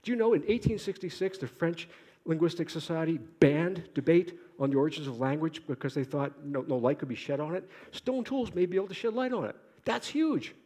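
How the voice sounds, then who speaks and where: A man giving an academic conference lecture in a lively, joking way, asking rhetorical questions. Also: on the high side, fairly quick. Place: lecture hall. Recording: echoey lecture hall.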